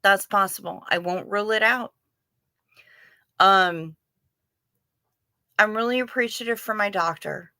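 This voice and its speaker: Livestream host: middle-aged woman, slow, bright wry chat, dry close mic. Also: mid-range voice, no echo. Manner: chatty, wry, self-deprecating. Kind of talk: casual livestream chat reading chat.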